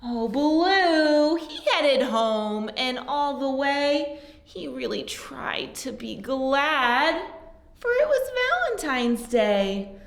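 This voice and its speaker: A woman reads a picture book to little children in a high, sing-song voice that swoops up and down. She takes her time, drops now and then to a soft whisper, and the room around her rings with echo. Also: very animated, very slow, creaky. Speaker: storyteller teaching baby signs. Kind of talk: read-aloud for young children.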